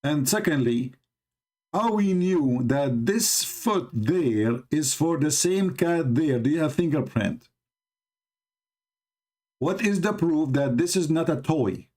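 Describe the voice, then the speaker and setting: A man's voice: fairly high pitch, lively intonation, takes it slowly, pauses often, darkish tone. A man from the Middle East, a native Arabic speaker, hosting a live stream and mocking a video with rhetorical questions in broken English. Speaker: host of a religious debate live stream. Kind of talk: sarcastic live commentary on a video.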